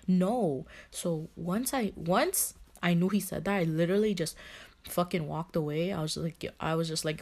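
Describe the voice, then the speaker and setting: Blunt young woman, swearing, somewhat low voice. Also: moderate pace, darkish tone. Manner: blunt, swearing, lots of "like" fillers. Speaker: relationship advice vlogger. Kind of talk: casual talk to camera.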